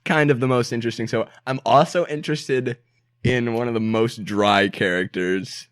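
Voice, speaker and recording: A man's voice: mid-range voice, moderate pace, no room sound, studio quality. A man co-hosting a casual gaming podcast, rambling, cursing freely and laughing at his own jokes. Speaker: podcast co-host.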